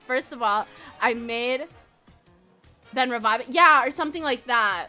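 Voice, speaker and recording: A woman's voice: high voice, moderate pace, pushed and bright, faint music behind. A young woman streaming a video game, chatting casually in a bubbly, rambling way, laughing often and swearing freely. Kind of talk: casual live-stream chat while gaming.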